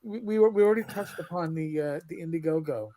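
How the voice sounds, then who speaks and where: A man with a notably high voice co-hosts a relaxed talk stream. He teases and wisecracks through the banter. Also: fast. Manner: teasing, wisecracking asides. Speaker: co-host. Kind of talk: casual chat.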